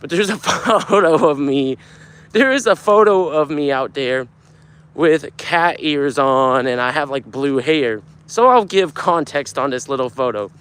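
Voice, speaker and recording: A young man chatting on a casual live stream, reading out viewer comments and telling stories in an animated, foul-mouthed way. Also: a little high, a little slow, clean tone. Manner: animated storyteller, swears a lot, gets loud when telling a story. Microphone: phone camera.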